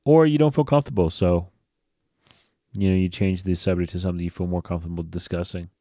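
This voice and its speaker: Tired dude hosting his podcast, low mellow voice, swears a lot, chill and blunt. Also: quick pace, no room sound, studio quality. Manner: blunt and profane, loose and conversational. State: tired, yawning. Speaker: podcast host. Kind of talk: casual solo podcast talk.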